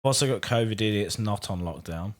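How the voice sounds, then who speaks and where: Slightly hoarse man chatting on a podcast. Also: fairly low pitch. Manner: laid-back, self-mocking, quick laughs. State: slightly hoarse, losing his voice. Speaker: podcast co-host. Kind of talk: casual chat.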